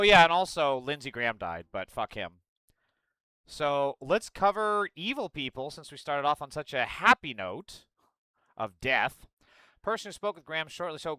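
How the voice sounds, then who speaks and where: A young American man rants through the news in a bright, crisp voice, sarcastic and swearing freely. His pitch sits a little high, and the sound is dry and close, with faint music underneath. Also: no echo. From United States. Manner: profane and sarcastic, ranting. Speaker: political commentator. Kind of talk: casual reaction commentary reading news aloud.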